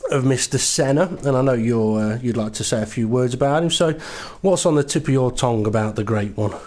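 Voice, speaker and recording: A man hosting and commentating a sim racing broadcast, setting the scene in an unhurried, explanatory way. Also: mid-range voice, darkish tone. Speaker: lead commentator.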